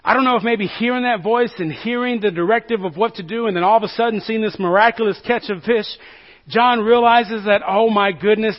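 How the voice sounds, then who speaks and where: High-voiced pastor retelling a Bible story. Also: male voice, highs cut off. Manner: storytelling with acted quotes and jokes, swinging loud and soft. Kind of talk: sermon.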